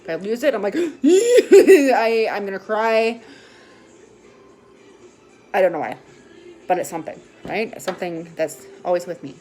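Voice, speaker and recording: A woman's voice: lowish voice, fast talker, a little mellow, faint music behind. A woman talking candidly in a casual rambling monologue, full of fillers and restarts, with occasional swearing and a tearful edge. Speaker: vlogger sharing her recovery.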